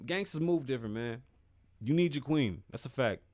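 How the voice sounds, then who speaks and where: A man's voice: mid-range voice, animated, moderate pace, a little mellow, dry recording, clean studio sound. Profane, candid man hosting solo. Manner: candid, profane, emphatic street slang. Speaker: podcast host. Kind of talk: casual solo commentary.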